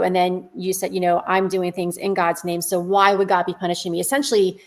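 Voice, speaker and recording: Mid-pitched woman co-host, calm and explanatory, asking rhetorical questions on a faith podcast. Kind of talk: conversational faith podcast talk. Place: podcast studio.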